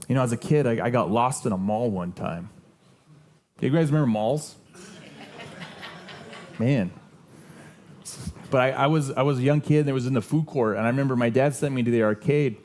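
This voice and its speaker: A man's voice: a little high, a little mellow. Earnest conversational male pastor. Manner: earnest, conversational preaching with personal stories and many restarts. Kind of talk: sermon. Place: church sanctuary.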